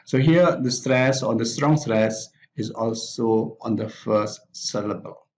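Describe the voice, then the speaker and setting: Very slow, deliberate male teacher. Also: mid-range voice, a little mellow, slight background noise, rough recording. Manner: deliberate, pausing after each example word. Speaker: English pronunciation teacher. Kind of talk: slow spoken lesson reading word lists.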